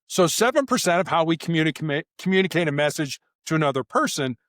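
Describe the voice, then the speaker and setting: Animated man telling stories. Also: on the high side, fast talker, no echo, clean studio sound. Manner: animated, acts out quoted lines in character voices. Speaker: guest, former SWAT officer. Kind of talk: storytelling interview answers.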